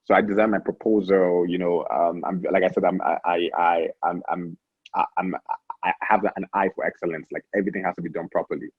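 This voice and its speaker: A young Nigerian founder, appearing as an interview guest, tells stories animatedly in a casual way, restarting and stammering repeats often. His voice is low, fairly quick and slightly rough, captured dry with no echo in narrow, tinny audio.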